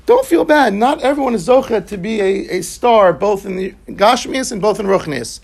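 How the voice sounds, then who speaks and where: A man's voice: high-pitched, lively intonation, normal speed, gravelly, slightly rough. A man teaching a Talmud class, reading the Aramaic and explaining it line by line in English.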